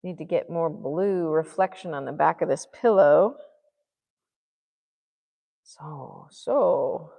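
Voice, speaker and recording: A woman talks herself through a painting in slow, unhurried murmurs, her low-set voice rising and falling in lively swoops. She muses in quiet asides, as if alone at the easel, and a long reverb trails behind her words. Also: creaky. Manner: musing, self-talking, murmuring asides. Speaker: art vlogger. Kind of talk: thinking aloud while painting.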